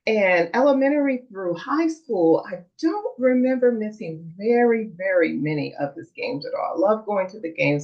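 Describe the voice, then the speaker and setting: A woman's voice: mid-range voice, a little mellow. A middle-aged woman vlogger telling a personal story in a chatty way, with plenty of fillers. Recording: dull lo-fi recording.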